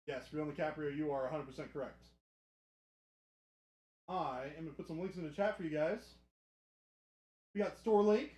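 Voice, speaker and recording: High-voiced man hosting a casual live stream. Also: moderate pace, long pauses, warm tone, echoey room. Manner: chatty and joking with chat. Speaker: livestream host. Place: hobby studio.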